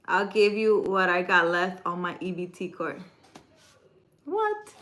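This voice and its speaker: A woman's voice: on the low side, fairly even intonation, normal speed, fairly bright tone, poor audio. A woman hosting a casual livestream, reading viewer comments aloud, teasing her viewers and then giving earnest spiritual advice.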